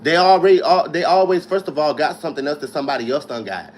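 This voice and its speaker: A man chatting on a livestream, speaking in an animated, emphatic and defensive way. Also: a little high, fast talker, slight background noise. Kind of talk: livestream chat.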